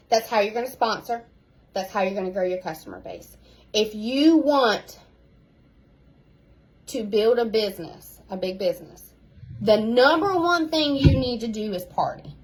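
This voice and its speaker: A woman, a sales team leader giving an animated, casual pep talk at home, repeating key phrases for emphasis. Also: a little high, normal speed, pauses often, husky, low-quality recording.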